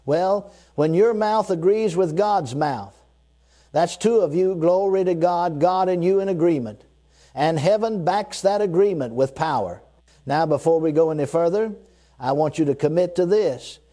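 In the middle of a sermon, a male preacher speaks emphatically in a voice that sits a little high but stays mellow and warm. He hammers points home by repeating key phrases, slows noticeably to read scripture, and leads the congregation in call-and-response declarations.

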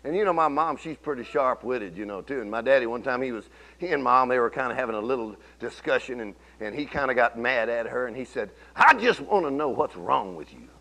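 A middle-aged man preaching a sermon, telling folksy stories and swinging from low murmurs to loud exclamations. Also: quick pace. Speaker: pastor.

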